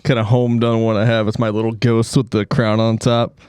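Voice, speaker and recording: A man hosting a comedy podcast in relaxed, laid-back chat. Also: lowish voice, a little fast, clear, resonant tone, no echo. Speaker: podcast host. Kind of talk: casual chat.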